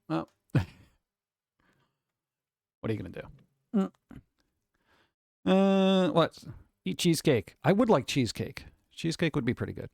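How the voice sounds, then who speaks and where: A man's voice: medium pitch, vocal fry, darkish tone, no echo, studio quality. A man rambling casually on a live stream, reading out list items and riffing on them in an offhand way.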